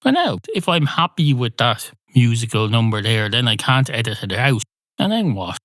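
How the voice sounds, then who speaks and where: A man's voice: medium pitch, sing-song, moderate pace, a bit bright, no room sound. A man hosting a solo comedy podcast, rambling through sweary, mock-indignant asides. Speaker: podcast host.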